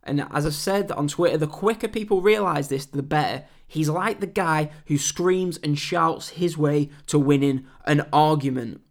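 A man hosting a wrestling podcast, giving blunt opinions with swearing and mocking loud shouts. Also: a little high, moderate pace, vocal fry, few pauses. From England. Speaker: podcast host.

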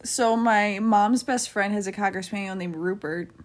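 A woman's voice: mid-range voice, moderate pace. A young woman co-hosting a podcast, chatting casually and rambling with fillers. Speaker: podcast co-host. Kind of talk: casual chat.

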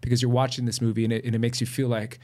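A man's voice: mid-range voice, level tone, very fast, a little mellow. A man co-hosting a casual film review chat, talkative and asking his partner questions. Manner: chatty, asks questions, laughs easily. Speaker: film podcast co-host.

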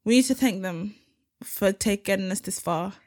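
A young woman co-hosting a podcast, giggly and excitable in casual chat. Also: medium pitch, normal speed. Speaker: podcast co-host.

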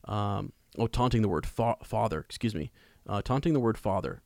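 Brief: male podcast host, lowish voice, rambling, self-correcting. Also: moderate pace, gravelly, dry recording, studio quality. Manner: relaxed, rambling, corrects himself mid-sentence. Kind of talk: casual podcast discussion of a book.

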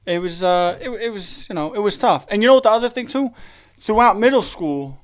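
A man's voice: high voice, animated, a little fast. A man from Brooklyn talking frankly in casual chat, often asking "you know what I'm saying?". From Brooklyn, New York.

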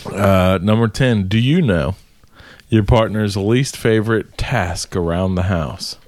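A man's voice: on the low side, slow pace, a little mellow, no room sound. A man in casual conversation, mostly answering briefly and reading out quiz questions to his partner. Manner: short replies, then reads out questions. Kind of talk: casual chat.

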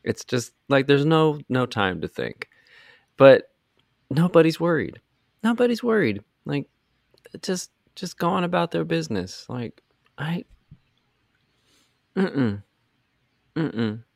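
A man hosting a podcast, recapping a movie in casual chat with animated sarcasm and free swearing. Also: medium pitch, slow, gravelly, long pauses, dry recording, studio quality. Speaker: podcast host.

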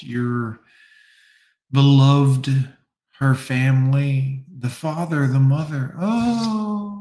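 A man's voice: fairly high pitch, echoey room. A man delivering a profane, emphatic rant in a casual monologue. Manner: profane, ranting, slow and emphatic.

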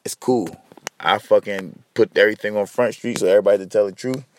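Speaking fast in a steady, fairly low, darkish voice, a man hosts a solo podcast, rambling tiredly and swearing as he goes. A slight background noise sits under the casual monologue.

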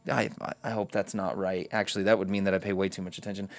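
A man's voice: deep voice, flat delivery, quick pace. A young man co-hosting a casual podcast, swearing freely while ranting and joking about movies. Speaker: podcast co-host.

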